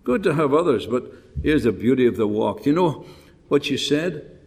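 A man's voice: mid-range voice, lively intonation, normal speed, darkish tone. An older man preaching a folksy, rambling sermon with rhetorical questions and frequent restarts. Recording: long hall reverb.

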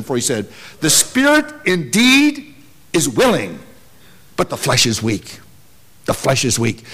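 An older man preaching at a gospel conference, his fairly high voice swinging widely up and down. He is emphatic, pressing points hard and then dropping low to close them. The delivery is plain and earnest. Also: fairly bright tone. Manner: emphatic, rising and dropping sharply for stress. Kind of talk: sermon.

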